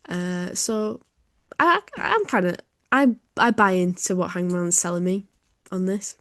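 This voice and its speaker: Easygoing woman, lowish voice. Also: unhurried, a bit bright, no echo, studio quality. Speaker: podcast co-host. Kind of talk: casual review chat.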